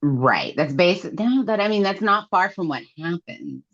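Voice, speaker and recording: A woman's voice: fairly low pitch, animated, normal speed, a bit bright, highs cut off. A woman co-hosting a casual book podcast, retelling scenes and quoting the characters with lots of fillers. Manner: retells scenes with quoted lines, many fillers. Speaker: podcast co-host. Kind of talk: casual book recap chat.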